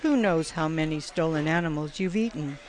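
A woman's voice: low-pitched, normal speed, darkish tone, slight background noise, close to an everyday voice. A woman reading the lines of a stern male village guard in her own plain voice, curt and commanding. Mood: gruff.

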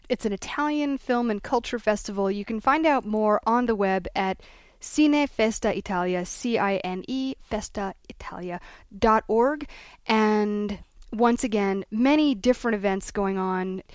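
A woman's voice: medium pitch, clean tone, dry recording, studio quality. A woman hosting a radio interview, friendly as she wraps up and promotes events. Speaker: radio show host.

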